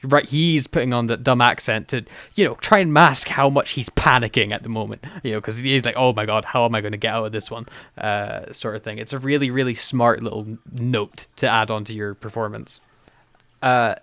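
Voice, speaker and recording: A man's voice: medium pitch, a bit bright, dry recording. A man co-hosting a casual podcast chat, enthusiastic, laughing often and acting out quotes in character. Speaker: podcast co-host.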